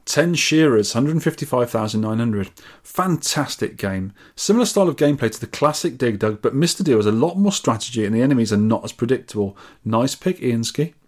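A man's voice: medium pitch, animated, brisk, darkish tone. A man from England co-hosting a podcast, reading out listener scores and comments with wry asides in casual chat. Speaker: podcast co-host.

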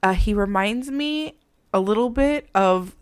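A woman's voice: mid-range voice, animated, unhurried, smooth, no room sound, studio quality. A woman in casual chat as co-host, chatty and prone to going off on tangents. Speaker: podcast co-host.

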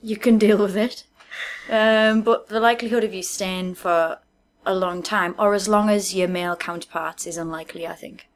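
A woman's voice: medium pitch, fairly even intonation, normal speed. A woman co-hosting a podcast, chatting casually and laughing often, with frequent restarts. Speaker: podcast co-host. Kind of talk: casual chat.

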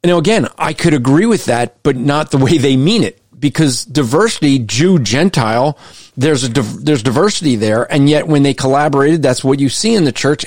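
A man giving critical Christian commentary, emphatic and argumentative, slowing down whenever he reads a quote aloud. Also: fairly high pitch, dry recording, studio quality. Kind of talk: critical commentary on a list of values.

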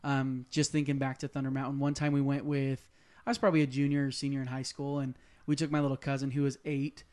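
A man's voice: mid-range voice, level tone, fast talker, darkish tone. A young man co-hosting a casual live chat, talking enthusiastically with lots of fillers. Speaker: podcast co-host.

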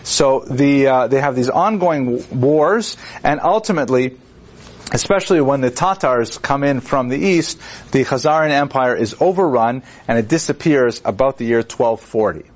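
A man lectures to a class in a loose, rambling way, full of fillers and restarts. He sits at an ordinary middle pitch and now and then acts out quoted figures with wry humor. The recording is dull and lo-fi, as if taped in a classroom. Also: animated, normal speed. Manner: digressive, conversational, with many fillers and restarts. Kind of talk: university lecture.

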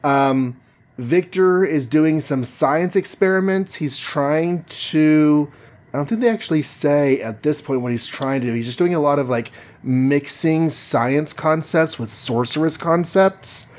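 A podcast co-host with a slightly high voice speaks at a measured pace while casually recapping a comic-book story. He's jokey and chatty, using plenty of fillers.

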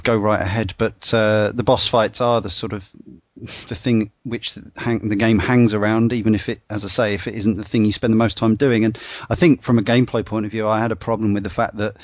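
Man, low voice, rambling podcast host, dry dull lo-fi recording. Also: flat delivery, brisk, dry recording. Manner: rambling, many fillers and restarts. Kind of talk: casual discussion.

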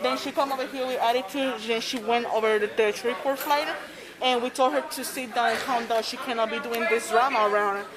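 A woman gate agent explaining to police what happened, halting and repeating herself. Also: a little high, fairly even intonation, poor audio. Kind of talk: giving an account to police. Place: airport gate area. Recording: loud crowd noise in terminal. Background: loud crowd.

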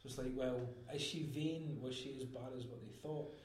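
A man's voice: medium pitch, steady tone, normal speed, darkish tone, a little hiss or hum. A man in a jokey film chat, asking questions and hedging with "sort of". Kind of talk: casual film discussion. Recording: roomy echo.

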